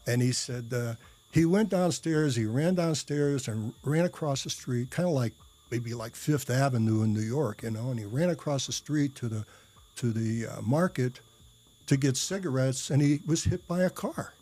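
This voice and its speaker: A man's voice: mid-range voice, moderate pace, mellow. A man telling a personal story in a casual, rambling way, with many fillers and restarts and blunt, salty language. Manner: blunt, profane.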